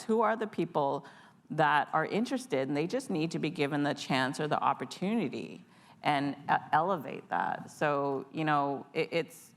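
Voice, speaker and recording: A woman in her forties telling stories on a convention panel, animated and acting out the voices in them. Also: low-pitched, gravelly. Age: 40s. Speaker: union panelist. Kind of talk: storytelling on a panel. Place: convention hall.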